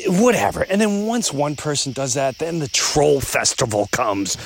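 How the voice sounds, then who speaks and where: A man hosting a podcast, telling stories in a casual, animated way while outdoors by the woods at night. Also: moderate pace, few pauses, slight background noise. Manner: animated storyteller, pitch jumps up when exasperated. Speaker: podcast host. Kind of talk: casual solo monologue.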